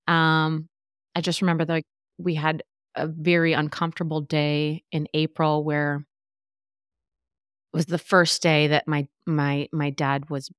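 A woman's voice: low voice, smooth, no echo, studio quality. A woman hosting a podcast, telling a personal story candidly, with many fillers and restarts. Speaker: podcast host. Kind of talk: casual chat.

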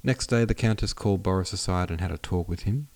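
A man reads a classic novel aloud at a steady, measured pace. His voice is low and gravelly. The close mic leaves no room sound. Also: no room sound. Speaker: audiobook narrator, podcast host. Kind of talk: scripted narration of a classic novel.

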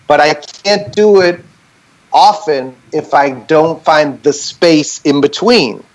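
A man speaking over a remote call in a relaxed, explanatory way. His voice sits somewhat high for a man, and he keeps the thread moving by checking in with "right?" as he explains. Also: slow pace, low-quality recording. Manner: animated, talks things through with many "right?" checks. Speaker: band member on a group call. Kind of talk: casual explanatory chat.

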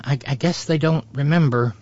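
A man's voice: fairly high pitch, moderate pace, darkish tone, no room sound. A man hosting a political talk show, delivering sarcastic, mocking commentary. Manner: mocking, sneering, does mocking impressions. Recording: dry, dull lo-fi audio.

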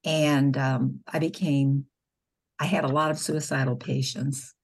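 In a rumbling, dark, low voice, a middle-aged nurse who serves as a pro-life spokeswoman shares patient stories in an interview. She speaks a little slowly and flatly, yet earnestly, voicing the dialogue as she tells them.

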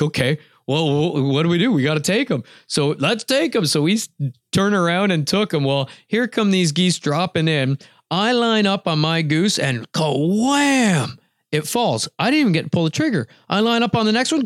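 A man telling a lively hunting story in casual chat, acting out what people said and laughing often. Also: mid-range voice, dry recording, clean studio sound. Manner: animated storytelling, acts out quotes, laughs often.

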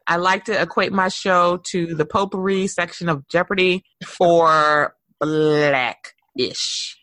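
A woman in her thirties hosting a podcast, chatting casually in an animated, sing-song way and laughing often. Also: on the low side, slow pace, no room sound. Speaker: podcast host. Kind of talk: casual chat.

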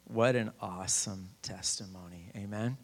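A middle-aged man preaching a sermon, telling his own story with lively quoted voices. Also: lowish voice, moderate pace. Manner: animated storyteller, shouts quoted lines. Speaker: campus minister preaching. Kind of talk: sermon with personal testimony.

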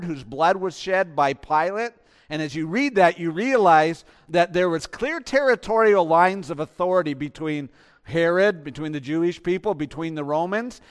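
High, resonant preaching man in a hall. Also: smooth. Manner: emphatic preaching with rhetorical questions to the congregation. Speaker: pastor. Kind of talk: sermon.

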